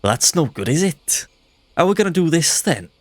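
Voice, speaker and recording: A man's voice: a little high, very animated, moderate pace, voice pushed up. A man voicing a chatty male fairy sidekick in a hammy, put-on Northern English accent, reading game dialogue live. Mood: cheeky.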